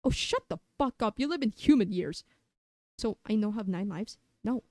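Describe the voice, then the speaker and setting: A young woman live-streaming who rambles chaotically, swears a lot and argues with herself in quick back-and-forth. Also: medium pitch, expressive, darkish tone, no room sound. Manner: jumps between silly sounds, jokes and random tangents. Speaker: variety streamer.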